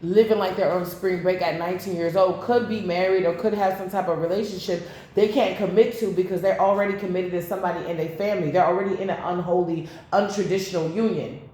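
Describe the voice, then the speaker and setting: A woman's voice: on the low side, steady tone, fast, mellow. A woman giving a casual tarot reading to camera, blunt and profane, drifting into rambling asides. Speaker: tarot reader. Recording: very echoey room.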